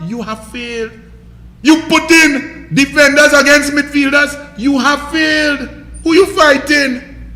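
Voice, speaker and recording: High-pitched ranting Trinidadian man. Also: sharp tone, roomy sound. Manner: combative, mocking, scolding. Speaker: political commentary host. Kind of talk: ranting political commentary.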